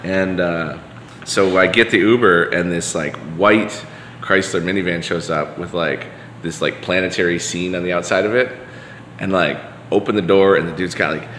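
A podcast guest with a low, slightly bright voice tells stories at a normal speed in casual conversation. He rambles loosely, full of fillers and restarts. The room is echoey, with long reverb and a faint hiss.

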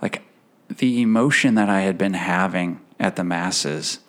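A man telling an emotional personal faith story as a podcast guest, earnest, laughing softly between phrases, with halting restarts. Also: low-pitched.

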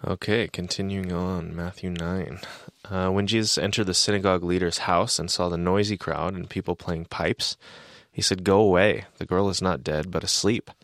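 Brief: co-host, man, very deep voice, plain scripture reading, dry sound. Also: steady tone, moderate pace, fairly bright tone, dry recording. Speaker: podcast co-host.

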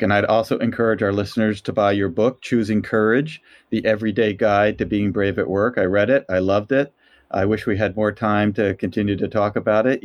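Lower-voiced man hosting a podcast. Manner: summarizing, polite, scripted sign-off. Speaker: podcast host. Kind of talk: interview and outro.

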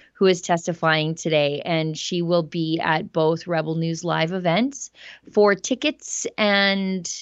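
A woman's voice: lowish voice, no room sound. Woman host, emphatic news-commentary delivery, dry slightly dull sound.

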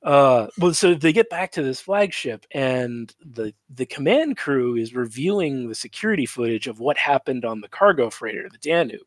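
A man's voice: medium pitch, normal speed, hardly any pauses, no echo. A man chats casually, recapping a cartoon and slipping into quoted voices as he jokes along. The sound is dry and close, with no room around it. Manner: joking, animated storytelling with quoted voices. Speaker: podcast co-host recapping a cartoon. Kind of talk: casual chat.

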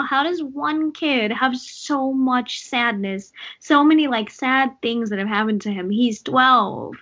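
Bright, animated young woman chatting. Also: fairly high pitch, measured pace. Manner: animated, lots of fillers and laughter. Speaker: co-host discussing a movie. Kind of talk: casual chat. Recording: dull lo-fi sound.

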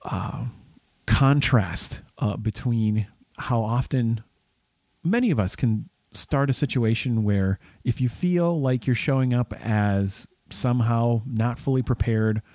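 A man's voice: mid-range voice, takes it slowly, a little mellow, no echo. A man co-hosting a casual podcast, talking with lots of fillers and restarts. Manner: hesitant, many fillers and restarts. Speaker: podcast co-host.

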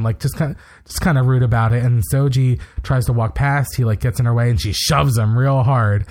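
A man in an easygoing podcast chat, running through a recap at a lively clip and tossing in blunt opinions. His pitch sits right in the middle for a man's voice, and the delivery stays loose and conversational. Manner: brisk, opinionated retelling with quick asides. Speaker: podcast co-host.

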